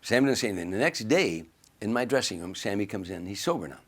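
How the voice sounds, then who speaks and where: A man's voice: lowish voice, fast. A man casually telling a story, acting out the quoted lines as he goes. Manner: animated storyteller who acts out quoted lines.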